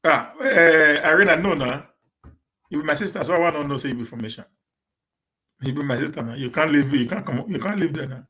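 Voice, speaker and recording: Fast-talking Nigerian man, repeating words. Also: fairly high pitch, bright, forceful tone. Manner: quick, repeats and restarts words, mixes in pidgin. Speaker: live-stream host answering viewer questions. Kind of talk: casual chat to viewers.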